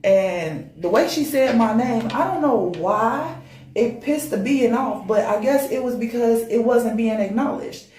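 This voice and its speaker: Animated woman telling a ghost story. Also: fairly high pitch, measured pace, reverberant, slight background noise. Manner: animated, emphatic, often repeating words. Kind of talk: casual spoken ghost story.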